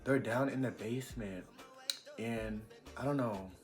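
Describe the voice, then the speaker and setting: A young man telling a casual storytime vlog, chatty and animated with lots of fillers. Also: mid-range voice, measured pace, soft background music. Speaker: vlogger.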